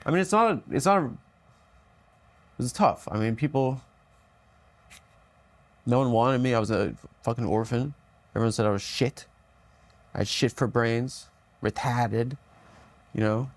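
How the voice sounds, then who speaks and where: A man's voice: mid-range voice, unhurried, pauses often. A man in comedic podcast banter, telling an absurd made-up life story with a straight face. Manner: deadpan, spinning absurd bits.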